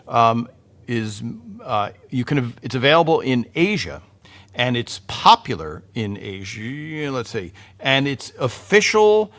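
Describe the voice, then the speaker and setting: Male live-stream host, mid pitch, chatty and meandering, talks into a desk mic. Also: bright, forceful tone. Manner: rambling, chatty, many fillers and restarts. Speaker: livestream host. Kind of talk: casual live-stream chat.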